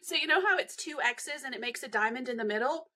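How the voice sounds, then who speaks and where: A woman's voice: sits high, expressive, fast, pushed and bright. A woman guest in casual podcast chat, explaining things bluntly and teasing her host dryly.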